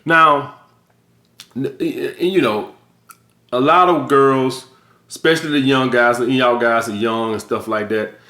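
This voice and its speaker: A man's voice: mid-range voice, fairly even intonation, a little slow, pauses often, sharp tone, roomy sound. A middle-aged man hosting a vlog, lecturing his viewers bluntly with heavy swearing and emphatic delivery. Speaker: vlog host. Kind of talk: blunt casual monologue.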